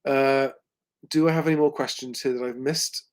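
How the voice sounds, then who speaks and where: A man's voice: medium pitch, fairly even intonation, moderate pace. A man hosting a livestream Q&A, talking conversationally with lots of ums and restarts. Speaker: host.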